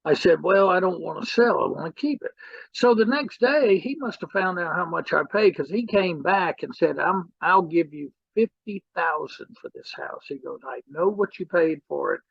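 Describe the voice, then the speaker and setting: A middle-aged man tells a story to a seminar audience and acts out each exchange. His voice sits high and sounds husky and gravelly. The recording is dry and a little muffled. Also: normal speed, no echo. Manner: animated storyteller acting out quoted dialogue. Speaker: real estate trainer.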